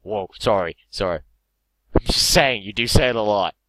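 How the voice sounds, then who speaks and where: A man's voice: lowish voice, moderate pace, bright, forceful tone, no room sound. A young man with an English accent, opening card packs on camera in hyperactive, sweary casual commentary. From England. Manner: hyperactive, swearing, laughing often.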